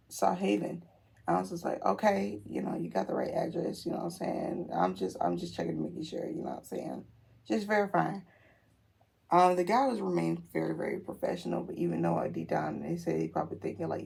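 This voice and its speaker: A young adult woman telling a story casually while doing her makeup, animated and slangy, quoting people as she goes. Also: medium pitch, normal speed, creaky, breathy edge. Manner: animated, slangy retelling with quoted voices. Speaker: beauty vlogger.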